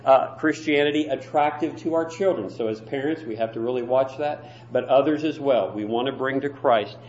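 A man preaching a sermon in a church, telling a story earnestly and sometimes dropping to soft, quiet asides. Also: medium pitch, moderate pace. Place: church sanctuary. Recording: dull, roomy church recording.

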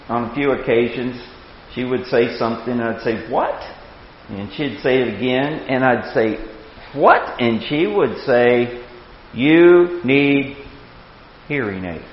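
Lively older man teaching Bible class. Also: fairly high pitch. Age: 60s. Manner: animated, chuckling, repeats words when starting sentences. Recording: echoey hall, dull lo-fi sound.

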